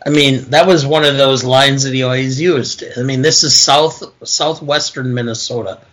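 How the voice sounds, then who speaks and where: A man's voice: mid-range voice, steady tone, normal speed, a bit bright, low-quality recording. An older man from Wisconsin, co-hosting a casual film podcast and telling folksy anecdotes, often saying "you know.". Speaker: podcast co-host.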